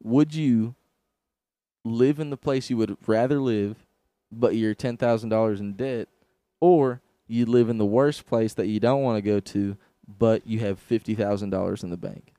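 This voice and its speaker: A man's voice: lowish voice, normal speed, mellow, no room sound. A man from Canada with a Southern US accent, hosting a casual podcast chat in a crude, swearing, rambling way. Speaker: podcast host.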